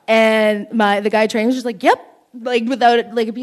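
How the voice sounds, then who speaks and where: A woman's voice: fairly high pitch, steady tone, fairly quick. A young woman from Canada doing a stand-up set at a small open mic, telling rambling, self-deprecating stories with frequent giggles.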